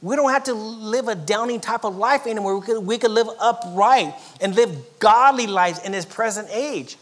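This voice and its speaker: Pastor, male, from Southern California; dynamic preaching with loud and near-whispered passages. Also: sits high, normal speed. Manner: dynamic preaching, swinging from loud emphatic lines to soft near-whispers, with chuckles. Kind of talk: sermon.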